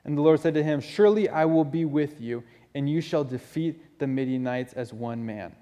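A man preaching a sermon, earnest and conversational, often stumbling and restarting mid-phrase. His voice sits a little high for a man yet has a mellow, dark tone. The sound carries the long reverb of a large church sanctuary. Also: normal speed. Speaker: pastor.

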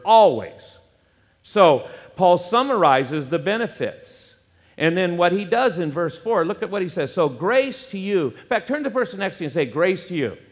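Emphatic preaching man in a reverberant hall. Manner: emphatic preaching with wide swings in pitch and loudness. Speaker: pastor. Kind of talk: sermon. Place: church sanctuary.

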